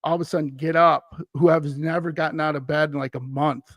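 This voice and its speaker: A man's voice: a little high, fairly quick, no room sound. A man from Wisconsin, a podcast guest, telling a story in a casual chat and acting out the voices of the people he quotes. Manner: animated, acts out quoted voices while retelling a story.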